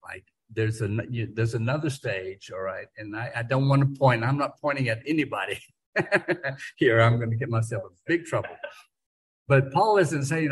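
A middle-aged man leads a Bible study with a husky, slightly breathy voice. He talks conversationally, often restarting his sentences and chuckling now and then. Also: mid-range voice, moderate pace. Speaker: Bible teacher.

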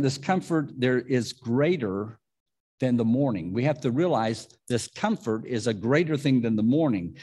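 Male pastor, husky voice, casual sermon delivery with asides. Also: medium pitch, mellow. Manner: conversational, with restarts and asides.

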